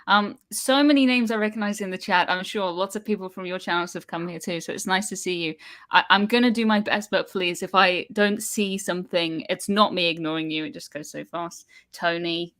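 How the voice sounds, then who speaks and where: A woman's voice: fairly low pitch, a little fast, a bit bright. A British woman hosting a live stream over a video call, chatting casually and laughing often.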